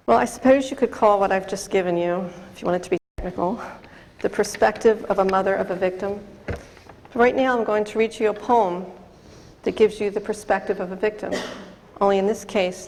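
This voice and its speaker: A middle-aged woman gives a personal testimony on drunk-driving prevention in a large hall with long reverb. Her mid-pitched, darkish voice stays fairly even and brisk. She speaks earnestly, addressing the audience directly with questions.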